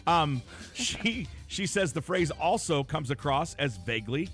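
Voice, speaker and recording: A man hosting morning radio, wry and joking, with deadpan asides. His voice sits a bit high for a man, and faint music plays under the studio mic. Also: unhurried. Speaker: radio host. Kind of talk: casual morning radio banter.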